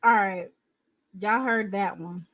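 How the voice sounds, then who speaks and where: A woman hosting a casual live podcast, animated and joking with her viewers. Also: medium pitch, slow pace. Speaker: podcast host. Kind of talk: casual livestream chat.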